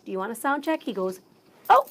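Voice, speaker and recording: An excitable woman tells a story as a guest on a talk show. Her voice sits fairly high. She slips into the voices of the people in it as she goes. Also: fast talker. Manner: bubbly, excitable, acts out quotes. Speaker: radio show emcee, guest. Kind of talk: animated storytelling in conversation.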